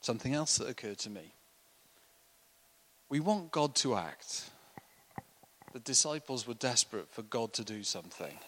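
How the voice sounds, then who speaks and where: A man delivering a sermon in a bright, forceful voice. He talks animatedly and slips into acted voices for the people in his story. His pitch sits in the ordinary middle range for a man. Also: moderate pace, long pauses, poor audio. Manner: animated, acts out voices of the disciples. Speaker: preacher.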